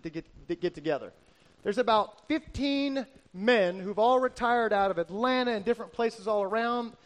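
A middle-aged male pastor preaches with a high, light voice. He tells personal stories earnestly, driving points home by repeating phrases. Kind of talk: sermon.

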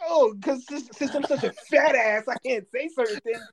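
A woman in casual podcast chat, loud and profane, often breaking into hard laughter. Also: high voice, normal speed, noisy background.

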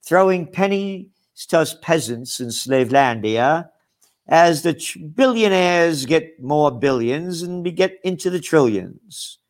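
A man's voice: a little high, lively intonation, a little slow. A man hosting a ranting news commentary, angry and sarcastic, mocking his targets with outraged asides. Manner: mocking asides, blah blah dismissals. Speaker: host.

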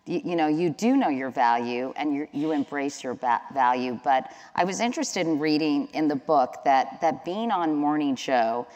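A woman's voice: low voice, lively intonation, moderate pace, few pauses, a little mellow, muffled recording. A middle-aged woman interviewing a guest onstage, conversational with wry asides. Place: large hall with audience. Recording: long hall reverb.

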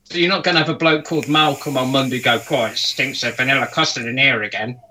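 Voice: medium pitch, steady tone, quick pace, pushed and bright. A co-host on a video call, tossing in teasing one-liners during a casual podcast chat. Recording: noisy call audio.

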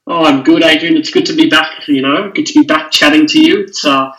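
A man's voice: a little high, fairly even intonation, a little fast, a bit bright. A man on a podcast as a guest, chatting in a friendly, modest and slightly hesitant way. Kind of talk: casual chat. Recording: echoey room.

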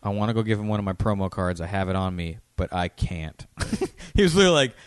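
Low-voiced man telling animated stories. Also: racing, smooth, no echo, clean studio sound. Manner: swearing, animated storyteller acting out quotes. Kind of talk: casual chat.

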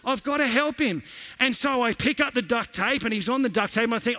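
A man preaching as a pastor, an animated storyteller who repeats lines for emphasis. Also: very high-pitched, brisk. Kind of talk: sermon with storytelling.

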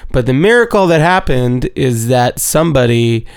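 Gravelly man rambling through an episode recap. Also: mid-range voice, expressive, moderate pace, no room sound, clean studio sound. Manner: rambling, profane, playfully repetitive.

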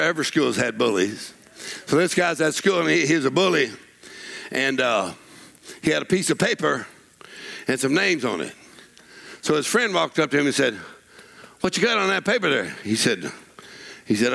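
A preacher man with a gravelly, rough edge and a bright, forceful tone. His pitch swings widely as he moves from laid-back storytelling to bold, shouted declarations. He is preaching to a church congregation. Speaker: pastor. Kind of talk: sermon. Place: church sanctuary.

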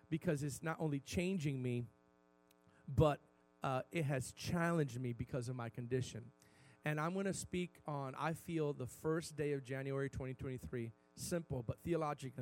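A male pastor preaching a sermon, talking candidly and then building to loud, emphatic declarations. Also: on the high side.

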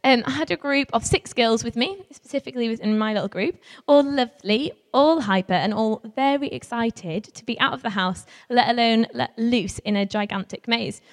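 A woman stands before a live audience and spins a comic story about her work with young carers. She is chatty and quick to laugh at herself, with a slightly high voice. A long hall reverb trails after every phrase. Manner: chatty and self-mocking, laughing often. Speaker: young carers worker giving a talk.

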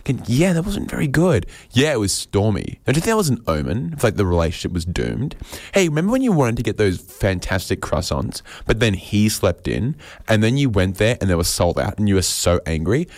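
A man's voice: lowish voice, big pitch swings, brisk, darkish tone, no room sound. A man voicing a scheming woman who steals boyfriends, in a sly, teasing manner.

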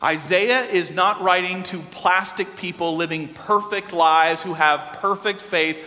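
A middle-aged man preaching a sermon, telling a story in an animated, lively way. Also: high voice, unhurried. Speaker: pastor. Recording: long hall reverb.

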